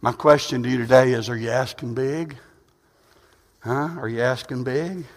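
A man preaching a sermon. He moves between quiet, conversational asides and loud, rising, drawn-out preaching. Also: mid-range voice, steady tone. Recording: long hall reverb.

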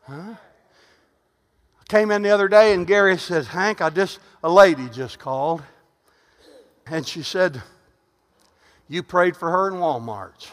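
A middle-aged male pastor preaching a sermon, telling stories in a soft voice and then rising to loud, fervent calls. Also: sits high, unhurried, pauses often, in a large hall. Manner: swings from loud preaching to quiet storytelling. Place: church.

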